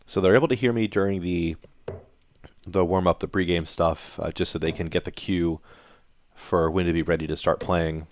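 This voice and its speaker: In a low, steady voice at normal speed, with a little hiss or hum, a man gives darts play-by-play for a league he broadcasts from his home laundry room via computer. His style is playful and showy, full of jokes at the players' expense.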